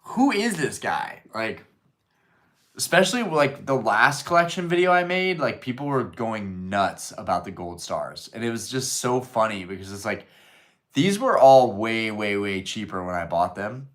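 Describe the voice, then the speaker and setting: Here a man with a lowish, expressive voice and a fairly bright tone hosts a laid-back livestream at a moderate pace. He reads chat aloud and answers with plenty of jokes and profanity.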